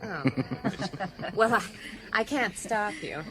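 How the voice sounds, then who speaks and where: An actress playing a hesitant, evasive woman who speaks haltingly in a radio drama. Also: mid-range voice, lively intonation, rough recording. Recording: busy restaurant crowd behind.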